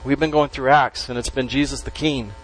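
A man preaching a sermon to a congregation, stressing key words slowly and letting his voice drop at the ends of phrases. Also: medium pitch, fairly even intonation, slight background noise, low-quality recording. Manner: emphatic, with slow stressed words and dropped endings. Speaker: pastor.

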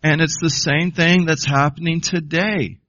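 A man's voice: fairly high pitch, steady tone, unhurried, fairly bright tone, muffled recording. A man preaching a sermon as pastor, emphatic, often putting questions to the congregation.

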